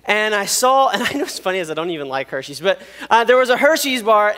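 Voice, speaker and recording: A man preaching a sermon, telling a personal story in an animated, self-deprecating way and laughing often, recorded in a church auditorium. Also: high-pitched, quick pace, few pauses. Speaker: pastor. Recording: long reverb of a large hall.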